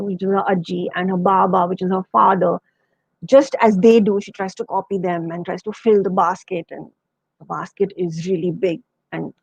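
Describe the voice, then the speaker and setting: Lady telling a kids story, husky, bit gravelly, dull radio audio. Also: medium pitch, no room sound. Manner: gentle, retelling with quoted voices. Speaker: storyteller guest. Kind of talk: storytelling for children.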